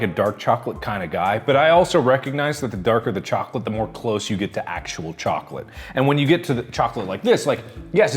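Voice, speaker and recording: A man from the United States chatting casually as he tastes and reviews snacks, rambling with lots of fillers. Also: mid-range voice. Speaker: food taste-tester.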